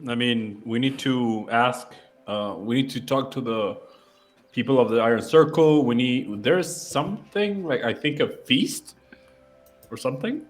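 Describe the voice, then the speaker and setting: A man's voice: medium pitch, measured pace, soft background music. Teasing, laughing man at the game table. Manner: laughing, teasing, swears casually. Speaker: player. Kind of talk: casual chat at a tabletop game.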